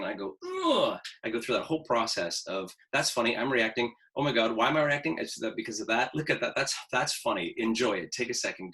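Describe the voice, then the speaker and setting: A man's voice: medium pitch, bright, forceful tone, rough recording. A man in his fifties, an acting teacher giving a casual, candid talk to students, swearing freely and acting out his own inner voice with self-mocking humor. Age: 50s. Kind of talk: casual pre-class talk.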